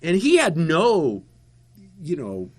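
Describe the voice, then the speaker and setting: Rambling, animated male storyteller. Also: on the high side, slow pace, slightly rough. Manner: rambling, animated anecdotes with many fillers and restarts. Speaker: guest telling stories, former local TV interviewer. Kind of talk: casual storytelling chat.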